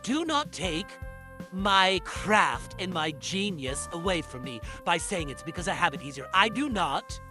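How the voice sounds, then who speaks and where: A man's voice: sits high, sing-song, unhurried, over music. A man playing a vain, pompous bestselling novelist in a comedic mock interview, boastful and easily offended. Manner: boastful, indignant, self-important.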